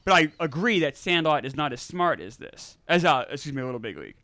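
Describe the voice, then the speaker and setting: A man's voice: a little high, very animated, brisk, sharp tone, no room sound, clean studio sound. A man in his forties co-hosting a film podcast, giving blunt, opinionated critique in casual chat. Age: 40s. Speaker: podcast co-host. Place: studio.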